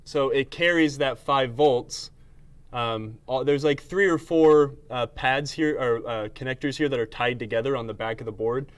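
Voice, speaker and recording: A man hosting a live stream about repairing pinball machines, talking fast and eagerly despite being exhausted. His voice sits in an ordinary middle range, and his explanations are full of ums and restarts. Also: mid-range voice. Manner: quick, energetic explaining with fillers. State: tired. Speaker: pinball repair technician host. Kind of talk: live-stream technical chat.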